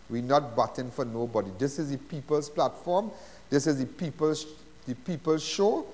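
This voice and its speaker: A man's voice: medium pitch, moderate pace, darkish tone, long reverb tail. A middle-aged man with a Trinidadian accent hosting a live crime talk show, chatty and emphatic, repeating his phrases in a folksy way.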